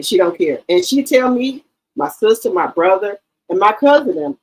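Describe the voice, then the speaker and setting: A middle-aged woman hosting a livestream, chatting in a casual, animated storytelling way and calling her listeners baby and girl. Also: fairly low pitch, rough recording. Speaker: livestream host.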